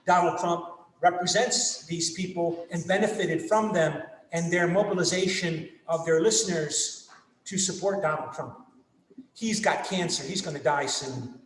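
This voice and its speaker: High-voiced older man lecturing, echoey. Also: slight background noise. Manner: animated, mock-outraged asides, rhetorical questions. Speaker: teacher. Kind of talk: lecture to students. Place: home room on a video class. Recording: echoey distant video-call audio.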